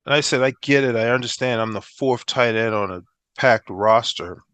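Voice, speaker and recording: Middle-aged guy, ex football player, chatting in an interview, acts out the quotes, mid pitch, dry close sound. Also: moderate pace, smooth, no room sound. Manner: animated storyteller who acts out quoted dialogue. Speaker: interview guest, former pro football player. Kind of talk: casual storytelling interview.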